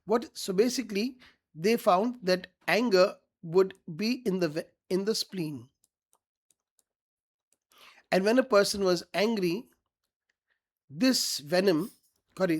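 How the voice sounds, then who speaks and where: A man's voice: high-pitched, animated, unhurried, pauses often. Guy teaching a literature class, reads a line then explains it in plain words, keeps asking got it. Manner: reads each quote then paraphrases it plainly, often checks "got it?".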